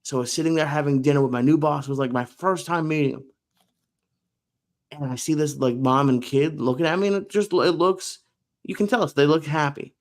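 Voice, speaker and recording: A man in a casual podcast chat, telling animated, self-deprecating stories. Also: on the high side, brisk. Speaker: podcast co-host.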